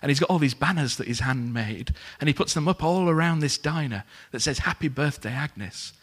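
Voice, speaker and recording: A man preaching a sermon, telling a story in a lively way and acting out the characters' lines. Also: on the high side, fairly quick.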